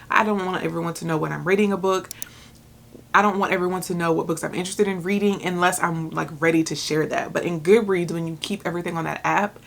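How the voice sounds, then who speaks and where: An excitable woman in her thirties chats to her viewers about her books. Her voice sits on the low side and has a gravelly fry. A faint background hiss runs under the talk. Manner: chatty and excitable, with filler words. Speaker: book vlogger. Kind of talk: casual chat.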